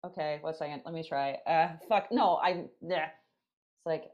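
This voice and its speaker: A woman's voice: low voice, a little slow, darkish tone, highs cut off. A woman hosting a podcast in casual chat, teasing her co-hosts, laughing often and swearing now and then. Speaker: podcast host.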